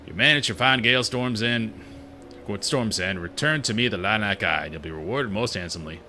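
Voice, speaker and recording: A man's voice: lowish voice, lively intonation, fairly quick, bright, forceful tone, a little hiss or hum. A man voicing a callous male merchant who speaks in a dry, aloof, formal way while reading game dialogue aloud.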